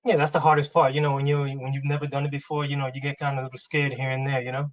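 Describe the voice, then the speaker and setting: A man's voice: mid-range voice, flat delivery, rapid-fire. A man joining a webinar by video call, speaking casually and a little unsure of himself. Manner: hesitant, unsure, restarts. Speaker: webinar participant. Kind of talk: casual conversation. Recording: dull lo-fi call audio.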